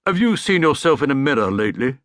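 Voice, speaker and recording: A man's voice: mid-range voice, big pitch swings, fast, fairly bright tone, no room sound, studio quality, pitched above the performer's own voice. A man playing a sarcastic gatekeeper. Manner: sarcastic, blunt, working-class. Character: gruff stern middle-aged male gatekeeper, sarcastic.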